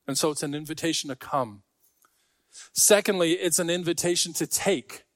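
High-voiced man preaching a sermon. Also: moderate pace, no echo, studio quality. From Scarborough. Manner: conversational, joking asides to the congregation. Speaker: pastor.

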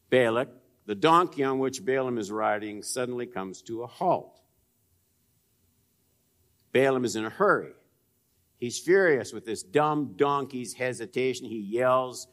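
A man preaching a sermon, swinging between raised emphasis and hushed, low asides, and putting direct questions to his listeners. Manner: direct, probing questions to the congregation. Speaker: pastor.

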